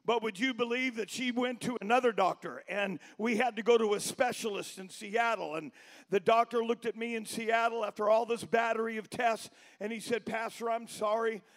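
Man, pastor, sermon, high-pitched, gravelly, storytelling then shouting. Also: fairly even intonation, normal speed. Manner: storytelling, building to shouted preaching.

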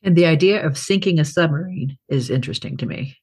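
A woman's voice: deep voice, fast talker, darkish tone, slightly rough. A woman hosting an interview, asking an author curious questions over a video call. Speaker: interview host. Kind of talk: casual interview chat.

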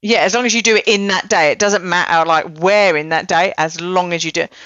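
A woman's voice: on the low side, a little fast, a bit bright, no room sound. Chatty woman host, dull dry sound. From not Australian. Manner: chatty, self-deprecating, many fillers. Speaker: podcast host. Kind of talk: casual chat.

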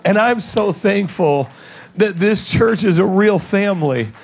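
A man preaching as a pastor in a large church, earnest and emotional, moving between a half-sung scripture reading and soft heartfelt talk. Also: sits high, expressive, unhurried, vocal fry. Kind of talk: sermon.

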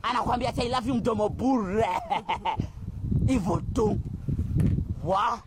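A man voicing an excitable male cartoon character, ranting and exclaiming in a played clip. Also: sits high, slow. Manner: ranting, exclaiming, mixing Swahili and English. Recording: played clip with clear noise.

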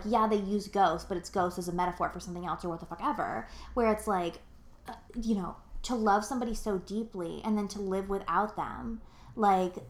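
A young woman co-hosts a podcast in loose, rambling chat, packing her sentences with fillers and curse words. Her voice sits at an ordinary middle pitch. The recording sounds roomy, with a noticeable echo around her. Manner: rambling, filler-heavy, profane and emotional. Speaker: podcast co-host. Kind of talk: casual chat.

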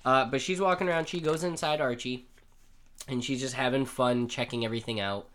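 A man's voice: mid-range voice, fairly quick, fairly bright tone. Rambling jokey podcast man. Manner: rambling, jokey, swears freely. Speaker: podcast co-host. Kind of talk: casual comic chat.

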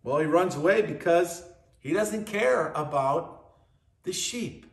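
High-voiced man preaching in an echoey room. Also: expressive, slow pace, creaky. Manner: emphatic, repeating phrases for stress. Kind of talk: sermon. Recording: echoey room with faint music.

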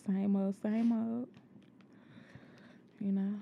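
A woman's voice: medium pitch, level tone, drawn-out words, gravelly, dull audio. A woman co-hosting a podcast in casual chat, laid-back, giving brief answers and chuckling. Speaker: podcast co-host.

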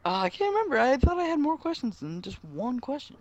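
A man's voice: very high voice, huge pitch swings, fast, muffled recording. A young man in a casual chat, asking questions with curiosity and swearing casually.

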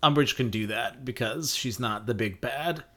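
Measured man discussing a book. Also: mid-range voice, pushed and bright. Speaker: podcast co-host.

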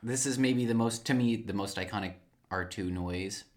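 A man co-hosting a casual podcast chat about films, relaxed and thoughtful. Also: fairly low pitch, normal speed, very noisy. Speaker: podcast co-host.

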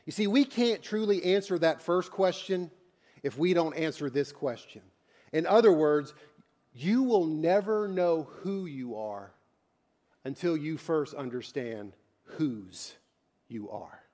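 A man's voice: a little high, animated, slow. Man preaching a dynamic sermon. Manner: preacher who swings from quiet intimate asides to loud shouted climaxes; conversational, repeats and restarts words. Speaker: pastor.

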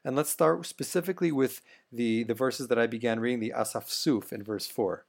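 A man co-hosting a relaxed Torah study discussion, walking through verses and turning questions over to his partner. His voice has a gravelly, creaky edge at a middling pitch. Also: fairly quick. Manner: explanatory, poses questions to his co-host. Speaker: podcast co-host, Torah teacher.

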